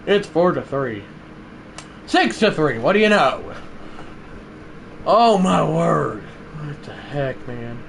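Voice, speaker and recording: An excitable young man livestreaming a ball game, his fairly high voice leaping around as he shouts at big plays and then drops to a mutter. Faint room noise sits under his talk. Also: takes it slowly, creaky, long pauses. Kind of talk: live gameplay commentary.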